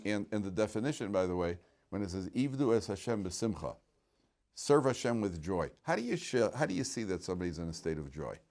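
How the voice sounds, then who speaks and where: A man's voice: sits low, darkish tone. A man teaching a Torah class in a casual, joking way, asking the room questions and often restarting his sentences. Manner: chatty, joking, many restarts and rhetorical questions. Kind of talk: informal Torah lecture.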